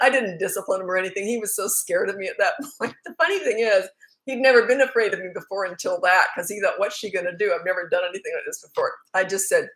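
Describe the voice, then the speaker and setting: A woman's voice: mid-range voice, a bit bright. A middle-aged woman, a parenting coach, chatting casually on a livestream and telling stories with frequent laughs. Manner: chatty storytelling, laughs often.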